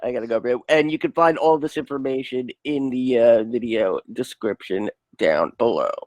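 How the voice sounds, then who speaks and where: A man co-hosting a casual interview show, jokey and quick to laugh. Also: medium pitch, darkish tone, dry recording, poor audio. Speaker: co-host. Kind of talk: casual podcast chat.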